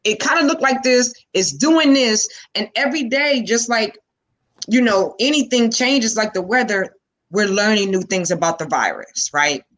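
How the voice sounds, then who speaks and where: A woman's voice: a little high, expressive, moderate pace, fairly bright tone. A middle-aged woman in casual panel chat, earnest and full of "you know" fillers. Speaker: panel guest.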